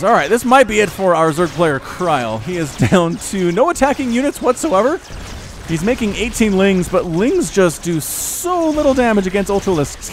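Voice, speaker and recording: A man hosting and shoutcasting a strategy video game match, chatty and excitable with frequent laughing asides. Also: on the high side, slight background noise. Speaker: esports shoutcaster and channel host. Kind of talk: live game commentary.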